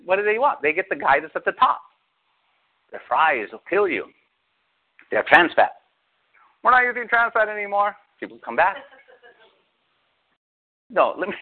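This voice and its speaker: Middle-aged male pastor, sermon delivery, high-pitched voice, tinny phone-like sound, animated and sarcastic. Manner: animated storytelling with sarcastic asides.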